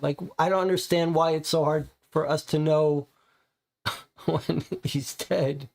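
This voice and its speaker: A slow-talking man with a gravelly edge to his fairly high voice. He chats casually through a co-op mystery game, rereading clues aloud and puzzling over them. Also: fairly even intonation. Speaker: co-op game player. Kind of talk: casual live-play chat.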